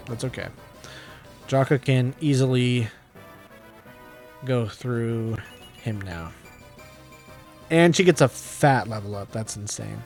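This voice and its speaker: A man talks through a strategy game as he plays, chatty and a little self-deprecating as he thinks aloud. His voice sits at a middling pitch, with faint game music underneath. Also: takes it slowly, long pauses, darkish tone. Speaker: video game let's-player. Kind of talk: casual gameplay commentary.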